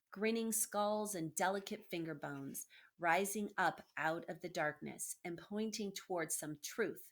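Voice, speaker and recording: A woman reading a children's book aloud, gently, with asides to her listeners. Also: fairly low pitch. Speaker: storyteller.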